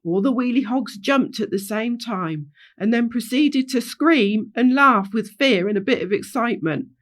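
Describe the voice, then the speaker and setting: A woman reads a children's story aloud. Her intonation is lively and expressive. It is a storyteller's reading. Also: on the high side, moderate pace.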